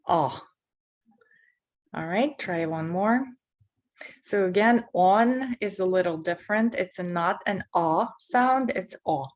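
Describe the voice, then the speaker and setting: Woman teacher going really slow, lowish voice, repeating words so you can copy them. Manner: slow, deliberate, repeats words to model sounds. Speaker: English teacher. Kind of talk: pronunciation lesson.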